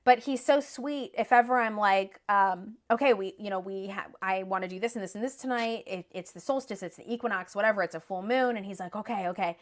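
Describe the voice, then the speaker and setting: A woman in her thirties, a guest on a podcast, talking in an animated, casual way, often laughing and swearing casually. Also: mid-range voice, brisk, few pauses.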